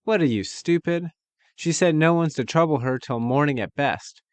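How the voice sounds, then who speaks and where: A man voicing a brash young woman who talks loud, sassy and colloquial. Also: fairly high pitch, moderate pace, no echo, voice pushed up, close to an everyday voice.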